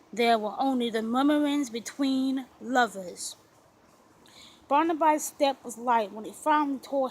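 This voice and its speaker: High-voiced woman narrating a romance. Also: a little hiss or hum, poor audio. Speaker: audiobook narrator. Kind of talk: scripted narration of a romance novel.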